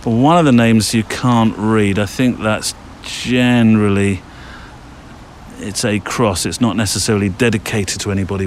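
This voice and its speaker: A man's voice: on the low side, a little hiss or hum. A man hosting a podcast while walking outdoors through woodland, talking in a casual, rambling way with lots of fillers. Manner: chatty, rambling with many fillers. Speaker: podcast host.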